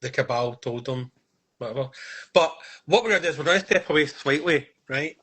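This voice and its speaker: Bright, husky Scottish man. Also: fairly high pitch, a little fast, rough recording. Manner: jokey, teasing, swears. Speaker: podcast co-host. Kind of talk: casual podcast chat.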